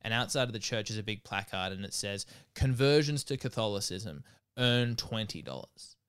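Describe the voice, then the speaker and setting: A man's voice: on the low side, moderate pace, smooth. A man, a podcast co-host telling stories in casual chat and laughing often. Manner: animated, laughs through his stories.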